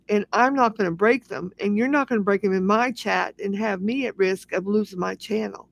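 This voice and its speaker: A woman's voice: mid-range voice, creaky, dry recording. A woman hosting a casual livestream, talking in an aggrieved, repetitive rant. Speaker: livestream host.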